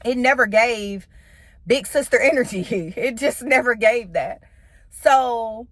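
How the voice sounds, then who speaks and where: A woman's voice: fairly high pitch, takes it slowly, no room sound. A woman giving a casual, blunt and profane recap of a reality TV episode, full of sassy slang. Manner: animated, with playful slang.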